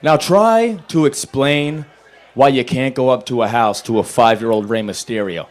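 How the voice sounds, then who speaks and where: A man's voice: medium pitch, moderate pace. Man telling stand-up stories at an open mic. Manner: deadpan storytelling with loud acted-out quotes. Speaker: stand-up comedian. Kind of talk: stand-up comedy set. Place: small bar at a live open mic.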